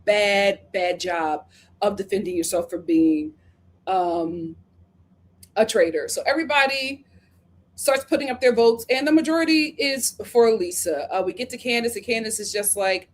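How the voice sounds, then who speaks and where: A woman's voice: medium pitch, animated, normal speed, a little hiss or hum. A woman hosting a live review of a reality show, talking casually and acting out the cast members' lines as she recaps.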